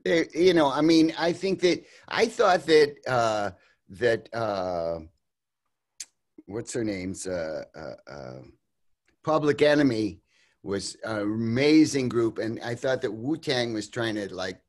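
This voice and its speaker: A man's voice: on the low side, expressive, measured pace. An older man as an interview guest, talking casually over a video call, rambling with lots of fillers and restarts and laughing often.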